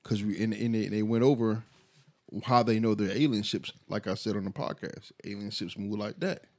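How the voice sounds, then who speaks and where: A man's voice: lowish voice, fairly even intonation, normal speed. Blunt podcast co-host, a man. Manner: interjects short agreements, then blunt opinions. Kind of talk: casual podcast chat.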